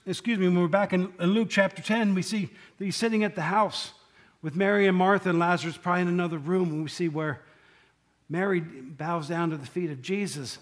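A man gives a relaxed, conversational sermon with a fairly high voice. He talks to his listeners by name, asks them questions and slips into the quoted speech as he retells the story. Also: a little fast. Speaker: preacher. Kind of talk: casual sermon.

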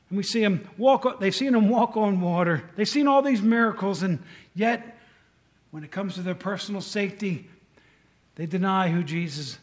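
High-voiced man preaching casually. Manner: conversational, asks the audience questions, restarts often. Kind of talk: informal sermon. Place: room with a tin roof in the rain.

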